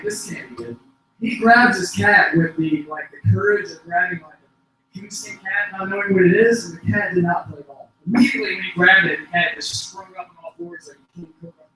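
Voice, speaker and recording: A young man doing open mic stand-up, rambling through stories and breaking into shouted outbursts. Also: high voice, slight background noise. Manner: rambling storytelling that bursts into shouted outbursts and laughs at his own jokes. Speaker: stand-up comedian. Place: small comedy venue. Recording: echoey venue recorded from far off.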